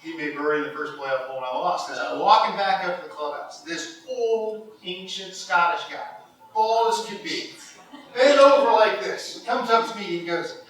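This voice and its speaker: A man's voice: high voice, normal speed. A middle-aged man from Ohio giving an induction speech, telling his stories with animation and frequent laughter. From Cincinnati, Ohio. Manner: animated storyteller, laughs often. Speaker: golf hall of fame inductee. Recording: echoey hall, mic far off.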